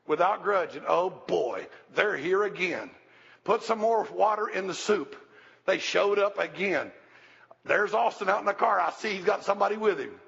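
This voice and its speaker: A man's voice: sits high, animated, normal speed, vocal fry, fairly bright tone, slightly rough. A man preaching a folksy, storytelling sermon as pastor, talking conversationally with restarts and asides, in a dull, echoey hall.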